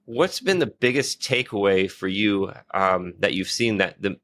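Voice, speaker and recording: Guy hosting a podcast, lowish punchy voice, keeps restarting his questions. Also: animated, a little slow, a bit bright. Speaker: podcast host. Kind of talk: podcast interview.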